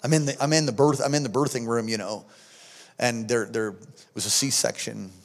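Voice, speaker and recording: A middle-aged male pastor preaching a sermon, telling stories emphatically and swinging from hushed tones to shouts. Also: mid-range voice, fairly even intonation, moderate pace. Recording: long hall reverb.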